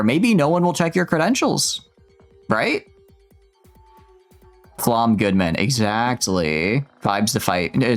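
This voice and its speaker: A man streaming a game live, his voice swinging up and down as he jokes with chat. He stammers and restarts his sentences often, talking in an animated, rambling way. Quiet game music plays behind him. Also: on the low side. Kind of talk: live gameplay commentary. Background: faint game music.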